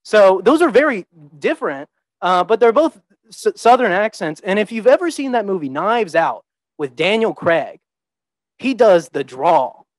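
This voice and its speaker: Young man lecturing, relaxed and halting. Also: sits high, no room sound, low-quality recording. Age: young adult. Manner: relaxed, thinks aloud with many ums and restarts. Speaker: visiting teaching fellow presenting. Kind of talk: informal lecture to students.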